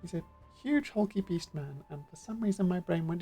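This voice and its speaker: A woman's voice: lowish voice, moderate pace, mellow, slightly rough, soft background music. A woman streaming a game, chatting casually and self-deprecatingly on a studio mic with a pop guard at home.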